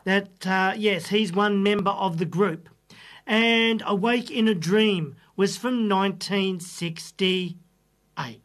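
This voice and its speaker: Slow, chatty female radio DJ. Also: mid-range voice. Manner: unhurried, chatty, muses aloud over trivia. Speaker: radio host. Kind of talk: radio DJ presenting oldies. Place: radio studio.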